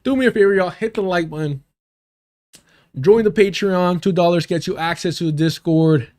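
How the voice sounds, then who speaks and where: A young man hosting a live stream, ranting with heavy profanity and scorn. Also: a little high. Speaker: livestream host.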